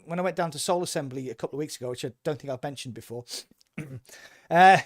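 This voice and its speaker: A man with a mid-range, slightly mellow voice talks fast as co-host of a casual podcast. He's eagerly enthusiastic and rambles through restarts, and the recording is dry and studio quality.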